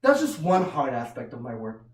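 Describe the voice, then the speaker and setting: A woman's voice: rumbling low, sing-song, normal speed, darkish tone. Woman stand-up comic, self-mocking and loose, captured from across a roomy room. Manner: loose, self-mocking storytelling with frequent laughs. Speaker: stand-up comedian. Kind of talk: stand-up comedy set. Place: small comedy venue. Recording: roomy room heard from far off.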